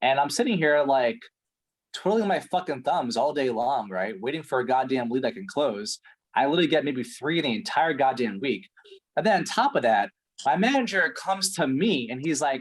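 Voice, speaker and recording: A man's voice: mid-range voice, very animated, moderate pace, slightly rough. A man playing a frustrated prospect in a sales call role-play, ranting and swearing heavily. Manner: ranting, profane, exasperated.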